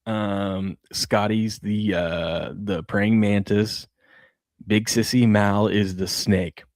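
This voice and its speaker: A man's voice: on the low side, steady tone, slow, darkish tone, no room sound. A man in his thirties co-hosting a sports talk show, chatting casually and laughing as he tells family stories. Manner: storytelling, laughs often, acts out his kids' voices. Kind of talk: casual chat.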